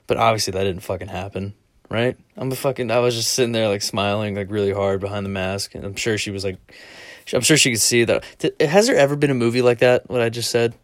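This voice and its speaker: A young man tells crude, rambling stories about himself on a casual solo podcast. His voice sits fairly low and he mocks himself as he goes. The sound is dry and close. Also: quick pace, no echo. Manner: crude, rambling and self-deprecating, laughing often. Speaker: solo podcaster and store clerk.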